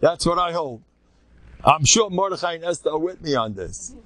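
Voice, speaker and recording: An older man, a rabbi, telling stories to a live audience in an animated, joking way, acting out the people he quotes and mixing in Hebrew and Yiddish terms. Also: a little high, normal speed. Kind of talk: storytelling talk to a live audience.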